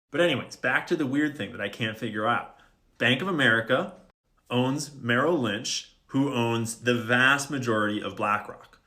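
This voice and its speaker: A man at an ordinary mid pitch talks straight to his viewers in a relaxed explainer tone. He works through his points step by step, drops dry sarcastic asides and ends on open questions. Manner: conversational, wry asides, questioning. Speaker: video creator. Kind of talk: casual explainer monologue.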